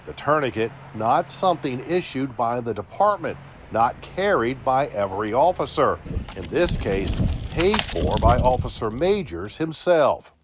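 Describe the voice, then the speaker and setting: A man reporting a local TV news feature, narrating in a measured, storytelling way. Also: medium pitch, very animated, slight background noise.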